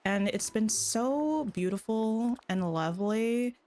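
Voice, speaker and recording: A woman's voice: fairly high pitch, animated, slow, darkish tone. A woman streaming a video game, chatting casually and thinking aloud as she plays. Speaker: gaming streamer. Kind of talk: casual gameplay chat.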